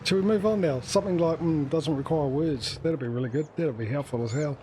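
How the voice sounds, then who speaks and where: A man's voice: a little high, fairly quick, background noise. A man hosting a casual gaming livestream, rambling chattily with sarcastic asides. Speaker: livestream gamer host.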